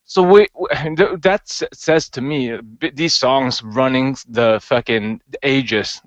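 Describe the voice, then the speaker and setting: A man's voice: mid-range voice, slow pace, no echo. A man co-hosting a podcast, chatting in a wry, jokey way and swearing casually. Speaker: podcast co-host.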